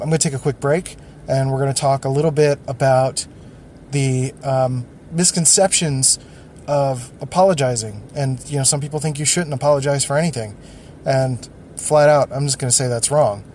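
A man's voice: medium pitch, steady tone, moderate pace, darkish tone, slight background noise. A man hosting a solo podcast, thinking aloud in a loose, rambling way with frequent restarts. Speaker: podcast host.

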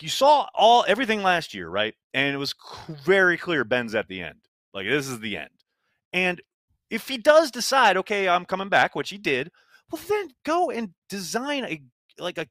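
A man's voice: high voice, fairly bright tone, dry recording. A man co-hosting a casual sports podcast, talking emphatically with frequent exclamations. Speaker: podcast co-host.

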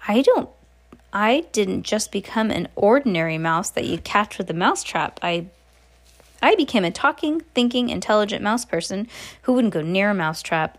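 A woman's voice: medium pitch, lively intonation, normal speed, lightly acted. A woman reading a storybook aloud, voicing an eager young boy who has been turned into a mouse, with pressing questions. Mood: worried.

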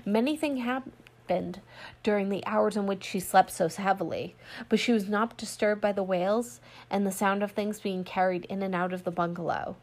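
A woman narrating a classic story aloud in a steady storytelling read, voicing quoted lines lightly. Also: medium pitch, normal speed. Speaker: audiobook reader. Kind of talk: scripted narration.

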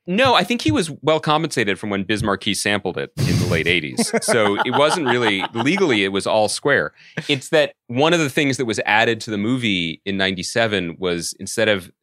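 Low bright guy goofing around on a podcast, dry sound. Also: fairly quick, dry recording. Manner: joking, animated riffs. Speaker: podcast co-host. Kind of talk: casual chat.

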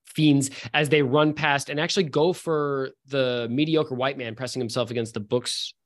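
Man, game master, loose narration, lots of fillers, mid pitch. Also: fairly even intonation, moderate pace.

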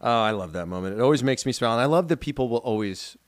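A man's voice: medium pitch, lively intonation, racing, no echo. A man co-hosting a podcast in casual chat, upbeat and chatty with lots of fillers. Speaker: podcast co-host.

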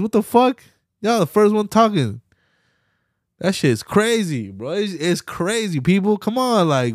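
A man's voice: high-pitched, darkish tone, no echo, clean studio sound. Heated, profane man ranting on a podcast. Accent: Pittsburgh. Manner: mocking quoted voices of opponents. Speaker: podcast host. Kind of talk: solo podcast rant.

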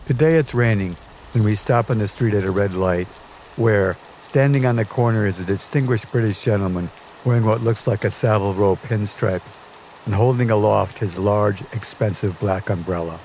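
A man's voice: on the low side, normal speed, a little mellow, a little hiss or hum. A man narrating a scripted personal memoir in a dry, wry storytelling manner. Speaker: podcast narrator.

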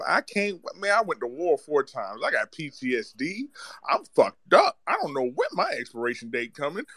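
Worked-up profane man venting on a phone line; highish voice that swings wildly, dry and close. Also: fairly bright tone, no echo. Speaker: caller on a live audio chat. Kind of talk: heated sports chat.

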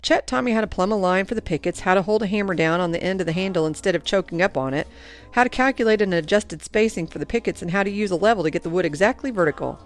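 A woman reading first-person audiobook narration in an earnest, expressive way. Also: medium pitch, fast talker, faint music behind.

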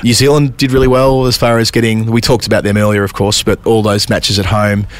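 A man co-hosting a cricket podcast, chatting in a brisk, wry and easily amused way. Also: on the low side, little pitch movement. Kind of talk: casual chat.

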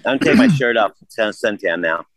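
A man's voice: lowish voice, huge pitch swings, fast, fairly bright tone, rough recording. An older man in a casual interview, blunt and profane, rambling through stories. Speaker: guest.

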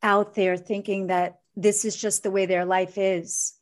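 A woman's voice: mid-range voice, flat delivery, unhurried. A middle-aged woman, a coach, talking earnestly and from the heart about her work and family in an interview. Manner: earnest, heartfelt, speaks with conviction. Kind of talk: emotional interview conversation.

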